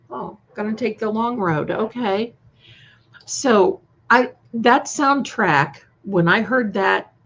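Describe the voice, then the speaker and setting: A woman chatting casually on a live stream, reacting to viewer comments with many restarts. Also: mid-range voice. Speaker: co-host of a live stream premiere chat. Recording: slightly dull lo-fi sound.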